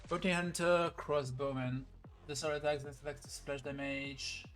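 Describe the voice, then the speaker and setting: A man's voice: mid-range voice, steady tone, moderate pace, a bit bright, faint music behind. A man streaming a game, musing aloud in casual commentary. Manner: musing, thinking aloud with fillers.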